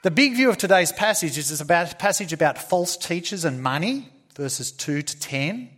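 An Australian man preaches a sermon in an earnest, emphatic way. He circles back on phrases for emphasis and fills gaps with "uh." His voice sits a little higher than most men's. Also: animated, normal speed, fairly bright tone. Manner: earnest, repetitive emphasis with fillers.

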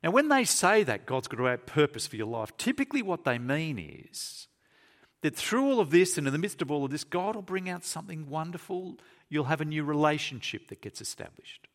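A man preaching a sermon in a church, emphatic, repeating key phrases and slowing down to stress them. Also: a little high, sing-song.

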